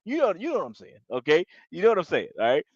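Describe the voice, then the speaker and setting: A man's voice: high-pitched, wildly swooping pitch, fast talker, darkish tone, husky, no echo. Guy doing a hoops live stream, lots of slang and restarts, kinda dull dry mic sound. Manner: slangy, repetitive, greets viewers by name. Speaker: basketball channel host. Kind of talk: casual live-stream sports chat.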